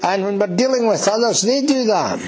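Earnest, slightly high-voiced male preacher. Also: expressive, a little fast, a little mellow, husky, rough recording. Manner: earnest, repeats key words, asks the congregation rhetorical questions. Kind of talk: sermon.

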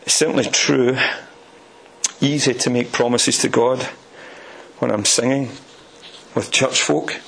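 A man's voice: mid-range voice, fairly even intonation, unhurried, gravelly, long pauses, a bit bright, slight background noise, low-quality recording. A man from Scotland with a Scottish accent, preaching a sermon with rhetorical questions and folksy asides.

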